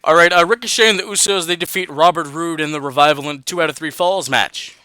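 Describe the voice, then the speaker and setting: A man's voice: fairly high pitch, fast, sharp tone, clear, resonant tone, dry recording. A man hosting a casual wrestling podcast, reading out match results and chatting loosely with dude and man. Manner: laid-back, says dude and man, reads out results. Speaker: podcast host.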